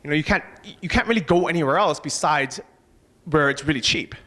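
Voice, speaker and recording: A man giving a motivational talk on a conference stage, casual and energetic, swearing now and then. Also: on the high side, a little fast. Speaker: conference speaker.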